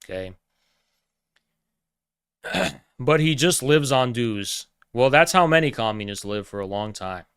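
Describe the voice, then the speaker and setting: A man's voice: animated, a little slow, pauses often, fairly bright tone, clear, resonant tone, dry recording, studio quality. A man ranting casually and sarcastically, profane and mocking. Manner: sarcastic, mocking, slips into high put-on voices. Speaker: political streamer.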